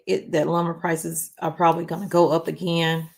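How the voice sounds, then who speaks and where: A woman's voice: deep voice, flat delivery, normal speed, creaky, darkish tone. A woman chatting casually on a livestream, rambling and reading viewer comments aloud. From North Carolina. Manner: rambling, chatty, many "um"s and restarts. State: struggles to read, reads slowly. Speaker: livestream host.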